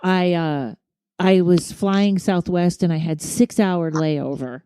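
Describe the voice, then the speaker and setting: A woman's voice: on the low side, slow, warm tone, clear, resonant tone, dry recording, clean studio sound. A woman hosting a podcast in casual chat, backing her guest up with short agreements. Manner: supportive listener, frequent short agreements. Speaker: podcast host.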